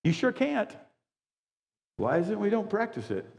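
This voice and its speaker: A man in his sixties preaching a sermon as a pastor, high-energy and emphatic with folksy asides. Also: wildly swooping pitch, moderate pace, vocal fry, a little mellow. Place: church sanctuary. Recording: long church reverb.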